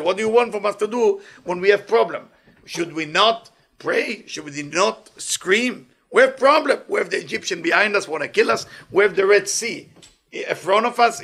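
Animated high-voiced teacher. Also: male voice. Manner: animated, questions the audience, broken English grammar. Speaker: Kabbalah teacher. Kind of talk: lecture to a live class.

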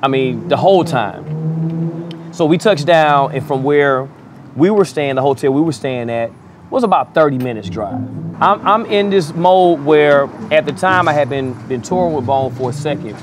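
A man's voice: fairly high pitch, lively intonation, normal speed, noisy background. A man working as a DJ tells a wild story in a casual, profane way, chuckling as he goes. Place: outdoors in a city.

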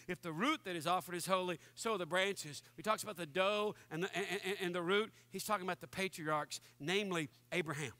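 A man preaching a lively sermon to his congregation and acting out the voices he quotes. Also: high voice, brisk, no room sound. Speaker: pastor.

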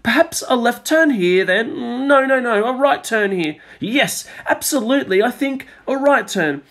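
A man's voice: extremely high pitch, lively intonation, measured pace, a bit bright, voice pushed up, full character voice. A man voicing a bumbling, dithering male jungle guide from a storybook, who mumbles and keeps correcting himself.

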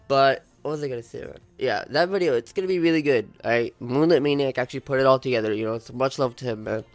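A young man's gameplay commentary, stuffy from being sick, loose and chatty, breaking into loud cursing when a race goes wrong. Faint music plays underneath his voice. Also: medium pitch, fast, no room sound. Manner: swearing, animated outbursts at the game. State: sick, congested. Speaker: gaming YouTuber. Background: faint background music.

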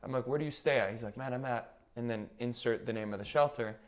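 A young man speaks at a quick pace in a mid-range voice while guesting on a podcast. As a nurse anesthetist, he shares lively, casual stories and mimics the things people said to him.

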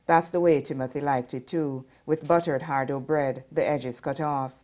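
Brief: woman from the Caribbean, very deep voice, calm and even reading. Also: moderate pace. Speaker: novelist. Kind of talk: reading fiction aloud, then commenting.

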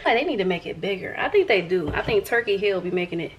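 She's a young vlogger from the American South, chatting playfully at home to the camera as though her viewers were pals. Her medium-pitched voice is quick and lively in intonation, though the highs are cut off and there's slight hiss or hum.

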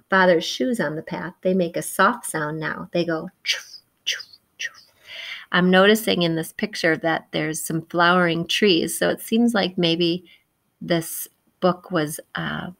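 A woman reading a picture book aloud to young children, gentle and encouraging, chatting about the pictures and imitating the story's sounds. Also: on the low side, gravelly. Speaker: children's read-aloud presenter.

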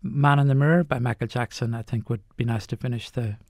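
A middle-aged man, a doctor, telling anecdotes in an unhurried way during a radio interview. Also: mid-range voice, steady tone, dry recording, studio quality. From Ireland. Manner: anecdotal, unhurried, lists points.

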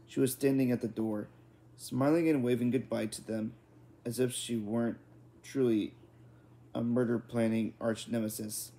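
A man's voice: mid-range voice, steady tone, normal speed, dark tone. A man reading a children's book aloud in an unpolished style, often restarting and correcting words. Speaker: reader.

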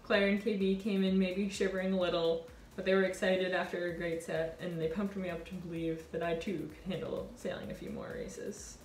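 A woman in her twenties, a college sailor, telling a reflective personal story in an earnest, warm way. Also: on the low side, little pitch movement, moderate pace, few pauses, echoey room, soft background music. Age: 20s. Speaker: college sailor and award winner.

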